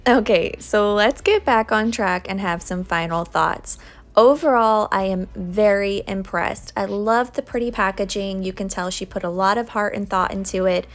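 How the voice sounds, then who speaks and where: A woman's voice: mid-range voice, moderate pace. A young woman doing a casual nail tutorial voice-over, chatty and friendly, laughing now and then. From United States. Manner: chatty, laughs while telling stories.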